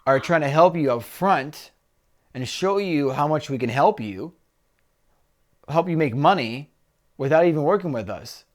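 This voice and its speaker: A man co-hosting a casual business chat, talking conversationally and pitching a one-on-one call. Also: lively intonation, a little slow, long pauses. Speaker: business coach co-host.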